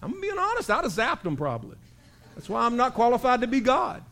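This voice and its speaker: A man's voice: very high-pitched, brisk. A man preaching a sermon, telling stories and acting out other people's voices. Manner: animated storytelling preaching, acting out voices with big shouts. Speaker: pastor.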